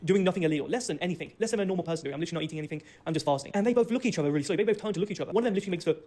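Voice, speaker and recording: Male storyteller, quick, slightly high, cocky and ranty. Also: darkish tone. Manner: rapid, boastful, ranting delivery. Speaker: storyteller in a played video. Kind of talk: fast first-person storytelling.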